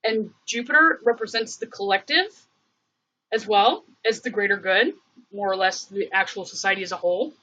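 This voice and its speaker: Woman streamer, casual, rambling, bright tense tone, lo-fi mic. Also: mid-range voice, moderate pace. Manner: rambling, thinks aloud with many fillers. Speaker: livestream host. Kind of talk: casual livestream chat.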